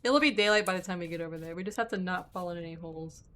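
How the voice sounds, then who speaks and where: A woman's voice: on the low side, racing. Chatty woman streamer, losing her voice. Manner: chatty, talks to viewers while playing, excitable exclamations. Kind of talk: casual live gameplay commentary.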